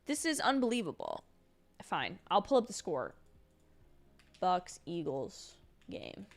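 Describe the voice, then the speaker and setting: A young woman hosting a casual watch-along livestream, chatty and rambling, with quick apologetic asides and a sleepy edge. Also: lowish voice, huge pitch swings. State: sleepy, yawning. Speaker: livestream host.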